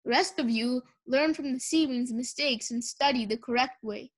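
A huge, strict female dragon teacher who booms and hisses her scolding, read by a woman. She sounds cold and commanding in a storybook telling. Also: normal speed, no echo. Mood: stern. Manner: booming, hissing, scolding.

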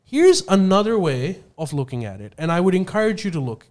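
A man co-hosting a podcast, explaining politics in a halting, filler-heavy way. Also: high voice, sing-song, darkish tone. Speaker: podcast co-host.

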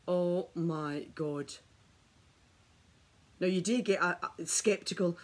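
A woman's voice: lowish voice, slow pace, long pauses. A woman vlogging a skincare demonstration at home, chatty and enthusiastic as she talks straight to her viewers on the camera mic. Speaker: beauty vlogger.

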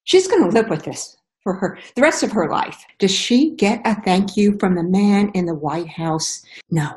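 A woman's voice: mid-range voice, expressive, normal speed, a little mellow, poor audio. Impassioned woman from Indiana pleading. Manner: impassioned, pleading, voice breaking with emotion. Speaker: voter giving testimony. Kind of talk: emotional testimonial.

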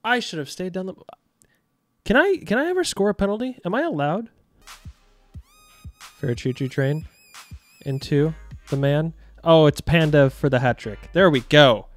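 A young man giving jokey, excitable commentary over his own video game match, yelling at the big moments. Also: fairly high pitch, a little slow, long pauses, no room sound, faint music behind. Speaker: gaming YouTuber. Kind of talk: live gameplay commentary.

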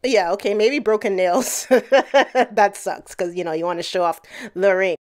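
A woman's voice: medium pitch, measured pace, a little mellow. A woman hosting casual commentary, chatty, laughing between points and talking straight to the people she discusses. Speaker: commentary channel host.

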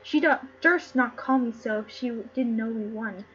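A woman's voice: a little high, normal speed, pitched below the performer's own voice, lightly acted. A woman reading the part of a jealous, furious king in an amateur play read-through, with a barking, commanding delivery. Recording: slightly muffled with faint noise.

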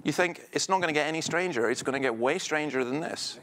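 Man, middle-aged, slightly higher voice, anecdotal speaker with dry humour. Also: fast talker, a bit bright, slight background noise. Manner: conversational, anecdotal, wry. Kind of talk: public talk. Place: event venue.

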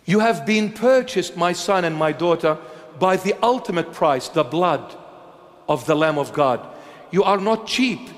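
Man preaching a sermon, pretty high voice, punchy and mocking, lots of rhetorical questions, big echo off a hall. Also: expressive, unhurried. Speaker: bishop preaching. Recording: long hall reverb.

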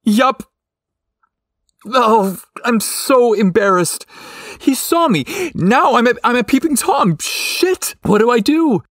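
A man voicing a shy, flustered young man who exclaims in a high, breathless rush. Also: big pitch swings, measured pace, husky, no room sound, studio quality, exaggerated voice.

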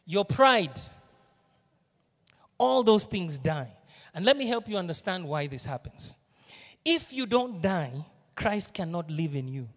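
Kenyan male pastor, high voice, lively sermon delivery, echoing hall. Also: measured pace, pauses often. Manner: animated preaching, shifts between hushed asides and loud emphasis. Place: church auditorium.

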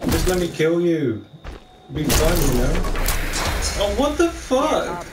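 A man's voice: fairly high pitch, huge pitch swings, slow pace, over loud music. A man playing a video game and commenting live, grumbling and swearing in frustration as things go wrong. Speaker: gamer playing the killer. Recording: echoey room with loud game sirens.

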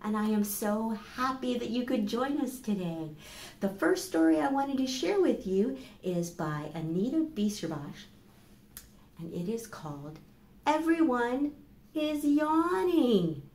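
A woman librarian reads to small children in a lively, sing-song voice that leaps up and down in pitch, taking her time over each line. Her tone is soft and mellow, and the library room around her rings with echo. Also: measured pace. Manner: animated, sing-song, coaxing young children. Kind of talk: children's storytime reading and singing.

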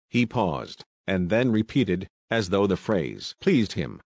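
A man reading a novel aloud as an audiobook narrator, in a steady, even manner. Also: low-pitched, slow, few pauses, no echo. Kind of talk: scripted narration.

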